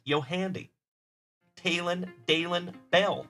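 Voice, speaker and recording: A man's voice: fairly high pitch, unhurried, long pauses, pushed and bright, faint music behind. A man hosting a card-breaking livestream, chatting in a friendly, upbeat way with viewers and calling them buddy and brother. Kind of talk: live stream chat, reading viewer comments.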